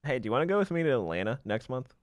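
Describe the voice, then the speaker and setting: A man's voice: medium pitch, very animated, very fast, no room sound. A man co-hosting a podcast in casual chat, playful and often breaking into laughter. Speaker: podcast co-host.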